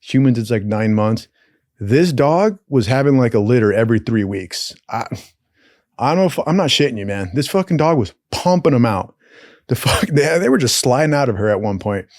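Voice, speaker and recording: A man's voice: mid-range voice, moderate pace, dry recording. A young man with a mid-range voice spins casual war stories, swearing constantly and slipping into the voices of the people he describes. The sound is dry and close, with no room around it. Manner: profane, animated, acts out voices in his stories. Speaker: podcast host telling stories. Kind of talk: casual storytelling.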